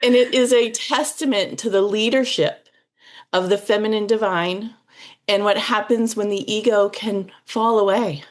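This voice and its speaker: A woman guest speaking effusively in casual chat, heartfelt and quick to laugh. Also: medium pitch, fairly even intonation.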